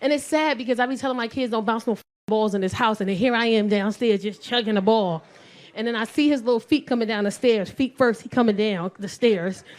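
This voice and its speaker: Brash New York woman doing stand-up. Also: brisk. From South Bronx, New York. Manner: brash, swings into high squeals and loud shouts when acting out scenes. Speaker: stand-up comedian. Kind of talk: stand-up comedy set.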